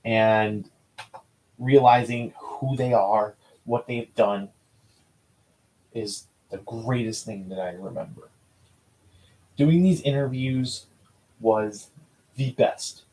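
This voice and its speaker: Guy rambling through his old stories, slow and mellow, lots of restarts and swearing. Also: medium pitch, low-quality recording. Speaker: vlogger recalling school newspaper interviews. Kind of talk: casual personal storytelling.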